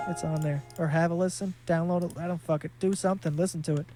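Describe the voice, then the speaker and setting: A man's voice: on the high side, steady tone, fast talker, hardly any pauses, dark tone, a little hiss or hum. A man in his twenties hosting a solo podcast, talking in a loose, rambling, profane way with lots of fillers. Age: 20s. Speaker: podcast host.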